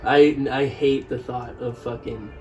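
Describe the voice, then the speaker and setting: A man's voice: mid-range voice, steady tone, unhurried, a little mellow, far from the mic, poor audio. A man in his twenties co-hosting a casual podcast, rambling with lots of restarts and "like". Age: 20s. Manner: rambling, restarts often, heavy use of "like". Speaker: podcast co-host.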